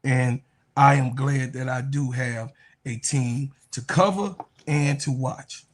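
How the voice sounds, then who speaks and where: Casting note: male co-host, husky voice, blunt and profane, casual sports banter. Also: medium pitch, takes it slowly. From Chicago. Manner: blunt, profane, talks over himself.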